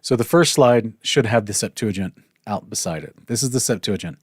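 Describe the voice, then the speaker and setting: Male Bible teacher, low voice, dry close sound, loose conversational delivery with frequent restarts. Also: normal speed, breathy edge, no room sound. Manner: conversational, thinks aloud with restarts and apologies. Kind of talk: casual Bible study lesson.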